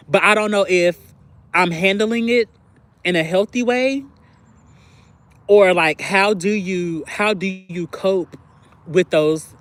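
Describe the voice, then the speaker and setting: A woman's voice: on the low side, no room sound. A woman hosting a livestream, talking candidly in a casual, confessional way to her viewers, with lots of filler words. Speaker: livestream host. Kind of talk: casual live chat reacting to viewers.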